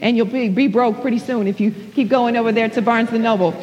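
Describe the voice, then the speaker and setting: A woman's voice: a little high, steady tone, fast talker, a little mellow, highs cut off. A woman pastor preaching an impassioned sermon in a church, often repeating her phrases and breaking into exclamations. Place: church sanctuary. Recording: hall reverb.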